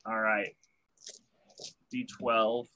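A man's voice: on the low side, flat delivery, extremely slow, pushed and bright. A young man playing a tabletop game, rowdy and jokey, swearing now and then. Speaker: player. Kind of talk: casual tabletop game chat. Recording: audible background noise.

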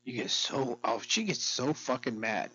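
A man's voice: medium pitch, lively intonation, a little slow, fairly bright tone, slightly rough, lo-fi sound. A middle-aged man vlogging in a rambling, profane, darkly joking monologue to camera.

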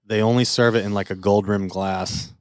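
A man with a low voice talks in a loose, rambling way, full of likes and trailing asides. He co-hosts a podcast. The recording is dry and close, with no room echo. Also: steady tone, moderate pace. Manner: rambling, filler-heavy storytelling. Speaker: podcast co-host. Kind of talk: casual chat.

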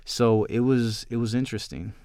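A man, a filmmaker guest in an interview, telling his story in a rambling, animated way with many restarts. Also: mid-range voice, moderate pace, smooth, no echo. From New York.

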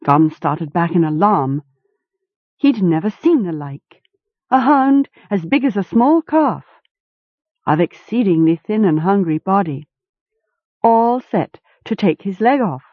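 A woman narrating a storybook in an unhurried, expressive reading. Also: mid-range voice, no room sound. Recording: tinny phone-like, dry.

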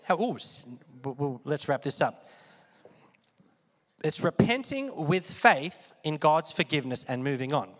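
This preacher speaks a little slowly in a slightly high, fairly bright voice with animated delivery. He keeps his sermon conversational, asking listeners questions and prompting them to repeat words, all under long hall reverb.

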